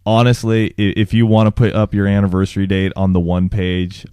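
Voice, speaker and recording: Hoarse low-voiced man venting casually. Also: flat delivery, a little fast, warm tone, dry recording, studio quality. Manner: rambling, frustrated venting. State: hoarse, sore throat. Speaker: podcast co-host. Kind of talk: casual chat.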